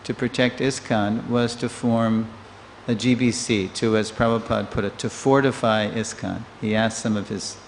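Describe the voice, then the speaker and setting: A man in his sixties giving a storytelling scripture class in a temple, a lively teller who acts out the people he quotes. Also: on the low side, normal speed, hardly any pauses. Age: 60s. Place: temple hall. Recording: long reverb of a hall, faint noise.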